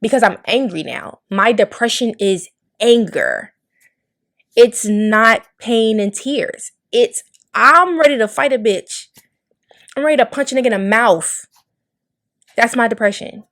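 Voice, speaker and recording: A woman's voice: a little high, animated, a little slow, a bit bright. A young adult woman hosting a podcast, talking candidly and emotionally with blunt language and frequent swearing. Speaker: podcast host. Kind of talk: candid monologue.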